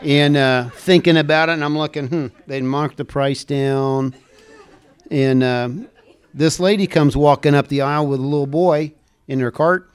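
Older man giving a casual testimony to a congregation. Smooth, clear voice, rambling, chuckles at his own jokes. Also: fairly high pitch, fairly even intonation, normal speed.

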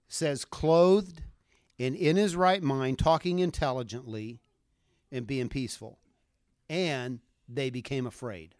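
A man preaching a sermon, retelling a scripture story with animated delivery and acting out the voices of the people in it. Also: mid-range voice, clear, resonant tone, dry recording, clean studio sound. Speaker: pastor.

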